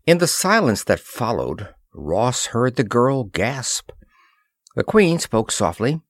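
Slow, expressive male audiobook narrator. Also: lowish voice, no room sound, studio quality. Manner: expressive, dramatic storytelling. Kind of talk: scripted narration.

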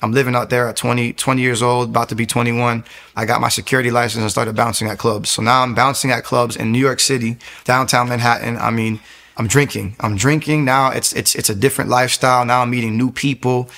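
A man's voice: mid-range voice, level tone, fast talker, a bit bright. A young man giving a candid, earnest personal testimony, often stopping and restarting his sentences.

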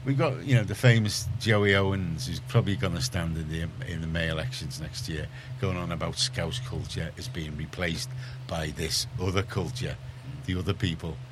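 A middle-aged man speaks in a somewhat low voice, rambling through a story with plenty of restarts. It is casual radio chat, with a faint hiss of noise behind him. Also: steady tone, normal speed, hardly any pauses.

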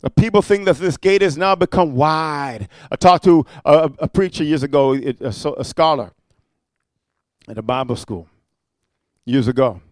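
High-voiced fiery preacher man, dry sound. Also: moderate pace, no room sound. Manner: preachy, rhetorical "amen" and "huh?", swings from quiet storytelling to loud exhortation. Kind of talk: fiery sermon.

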